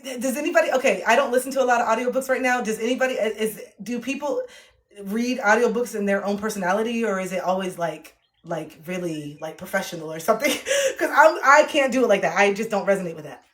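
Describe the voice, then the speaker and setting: A woman's voice: on the high side, expressive, fairly bright tone. A woman livestreaming, chatting casually with her viewers and reading passages aloud from her own self-help book, playful and sassy. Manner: playful and sassy, with frequent laughter and drawn-out self-talk.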